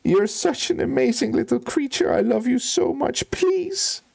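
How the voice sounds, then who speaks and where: A man's voice: mid-range voice, moderate pace, darkish tone, lightly acted. A man voicing a young male steward who dotes on his pet bird and turns cruel. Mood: weeping. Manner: sobbing, pleading baby talk then sneering contempt.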